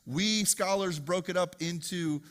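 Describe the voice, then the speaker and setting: A male pastor preaching to his congregation in a church sanctuary, with a slightly higher-than-usual voice. He talks in a loose, joking, conversational way, with storytelling asides. A long reverb from the large hall hangs on every word. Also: unhurried, fairly bright tone. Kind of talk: sermon.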